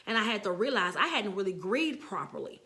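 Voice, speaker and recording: A woman's voice: medium pitch, big pitch swings, brisk, pushed and bright. A middle-aged woman casually preaching to viewers as a motivational speaker, earnest and encouraging, often repeating herself for emphasis.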